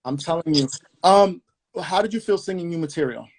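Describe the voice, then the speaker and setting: Male host, a bit high-pitched, playful and rambling. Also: a little fast. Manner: playful, excitable, rambling questions. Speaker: podcast host. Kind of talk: casual interview chat.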